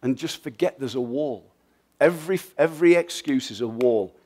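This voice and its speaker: A middle-aged man from England with an English accent, giving a lively, joking and blunt motivational talk at a festival, answering audience questions. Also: medium pitch, normal speed, slightly rough. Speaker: guest speaker.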